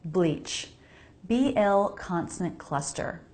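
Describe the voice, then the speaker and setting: This pronunciation teacher has a fairly low, darkish voice that is expressive and slow. In a home laundry area, the American woman walks viewers through English sounds, modeling each one and repeating words for them to say along.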